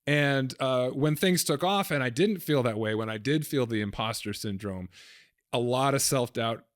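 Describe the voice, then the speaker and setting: A man's voice: medium pitch, moderate pace, no room sound, clean studio sound. A middle-aged man hosting a podcast, talking in a reflective, earnest way with frequent restarts. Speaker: podcast host and therapist. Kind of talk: casual conversation.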